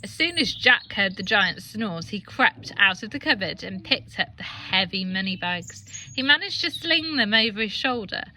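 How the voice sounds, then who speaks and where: Bright-voiced English woman reading a story. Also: medium pitch, moderate pace, few pauses, a little hiss or hum. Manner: expressive, animated storytelling. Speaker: teacher.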